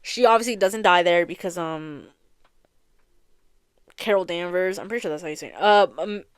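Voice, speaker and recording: A woman's voice: fairly low pitch, normal speed, clear, resonant tone, no room sound, studio quality. A young woman hosting a podcast, retelling a story in a rambling, casual way, full of filler words and swearing. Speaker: podcast host. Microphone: close studio mic, audio only.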